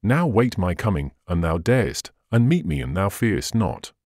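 A man giving voice to a bold, merry outlaw chief who boasts in old-fashioned speech. The voice sits low and swings lively through each line, read close and dry like a storybook recording. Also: normal speed, no echo. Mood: challenging. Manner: archaic hearty speech, laughing boasts. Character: merry bold male outlaw leader, hearty.

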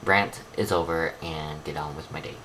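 A man chatting to his camera for a daily vlog, rambling and complaining, with bursts of excitement. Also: rumbling low, moderate pace, very noisy. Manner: rambling, talks to camera, drifts between mumbling and excited outbursts. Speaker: vlogger. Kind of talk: casual vlog chat. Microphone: handheld camera.

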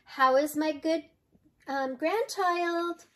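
An older woman voicing a strict, bossy grandmother in a read-aloud storybook, giving brisk, chirpy commands. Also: sits high, pitched above the performer's own voice.

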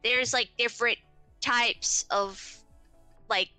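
Slow bright-voiced woman chatting on stream, giggles a lot. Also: fairly high pitch, steady tone, clear, resonant tone, no room sound, faint music behind, rough recording. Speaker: co-host. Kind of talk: casual chat on a stream.

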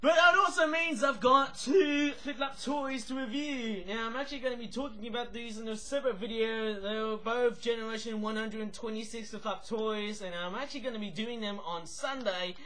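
Male channel host, Australian-sounding accent, bright and tense tone, exclaims and laughs a lot. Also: very high-pitched, moderate pace, few pauses, low-quality recording. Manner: excitable, exclaiming, laughing often. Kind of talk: casual reaction commentary.

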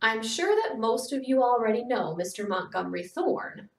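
A woman voicing a gracious, cheerful society hostess in a read-aloud storybook, speaking up brightly above her narration. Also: a little high, very animated, normal speed. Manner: cheerful, polite. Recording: echoey room, distant mic.

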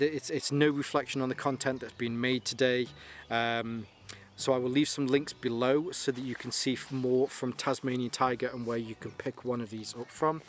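A man's voice: mid-range voice, slight background noise. A man giving a chatty, rambling product review to camera outdoors, often repeating words as he restarts his sentences. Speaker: gear reviewer and brand ambassador.

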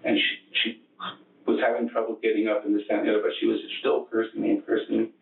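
A man with a low, monotone voice gives halting, matter-of-fact testimony in a police interrogation. He is heard from across the room on an echoey, tinny archive tape. His words come with frequent restarts. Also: creaky, distant mic. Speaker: murder suspect under questioning.

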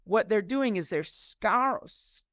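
High-voiced man, dry and close. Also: expressive, slow pace, fairly bright tone, dry recording. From United States. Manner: thoughtful, many restarts and fillers. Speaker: interview guest, professor. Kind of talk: conversational interview.

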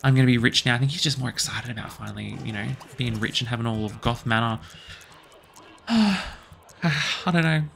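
Young man, excitable gaming commentary, gossipy, gravelly fry. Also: medium pitch, normal speed, a little hiss or hum. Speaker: let's play host. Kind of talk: gameplay commentary.

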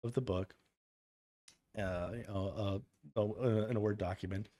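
A man's voice: lowish voice, measured pace. A man, an author guest on a podcast, telling stories casually, stammering and restarting, and acting out the voices of people he quotes. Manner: animated storyteller who acts out quoted dialogue.

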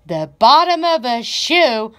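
A woman's voice: high voice, very animated, slow pace, bright, forceful tone, pitched above the performer's own voice, heavily acted. A woman voicing an indignant, proud adult male horse in a children's storybook reading, huffy and offended.

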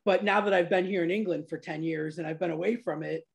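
A woman's voice: lowish voice, fairly even intonation, fast talker, creaky. Chatty American woman podcast host. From Florida, USA. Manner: chatty and laughing, with many restarts. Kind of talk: casual interview chat.

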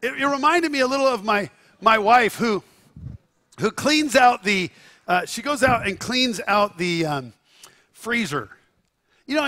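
High-voiced, bright-toned male preacher. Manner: animated storytelling with asides to the congregation. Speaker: pastor. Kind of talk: sermon.

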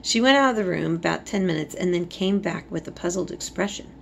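A woman's voice: fairly low pitch, animated, brisk, vocal fry, slight background noise. A woman reading a novel aloud who stumbles over words and corrects herself. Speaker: reader.

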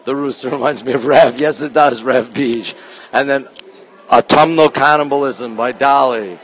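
A man hosting a casual live stream from a phone as he walks through an art museum, reading out artwork titles slowly and greeting viewers by name, sometimes dropping his voice low. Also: a little hiss or hum. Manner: talks low at times to keep quiet. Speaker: livestream host touring a museum. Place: indoor art museum gallery.

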